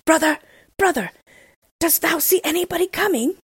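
A woman voicing a frightened young husband who pleads and cries out in a high voice. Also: animated, normal speed, fairly bright tone, dry recording, studio quality. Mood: pleading.

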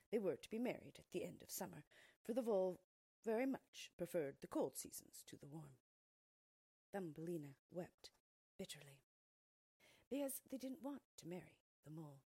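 A storyteller reads a fairy tale aloud with plenty of expression, her husky, low voice often sinking to a soft near-whisper. The recording is close-miked and has no echo.

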